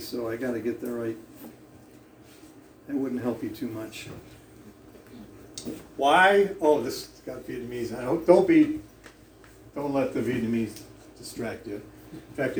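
A man with a medium-pitched, somewhat dark voice preaches to a congregation, unhurried and pausing often. He tells a funny story full of chuckles and digressive asides. The recording is distant and echoey, from a hall with faint room noise.

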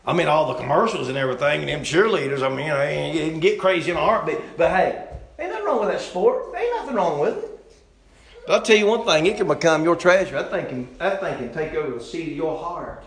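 Middle-aged man, pastor, sermon that rises loud then falls hushed, echoey room. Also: fairly high pitch, quick pace, gravelly. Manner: swings between loud, rising preaching and quiet, joking asides.

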